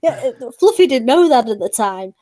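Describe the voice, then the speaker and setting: A woman's voice: fairly high pitch, animated, moderate pace, mellow, no echo. A British woman streamer telling stories in casual chat, rambling with many fillers and restarts. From Britain.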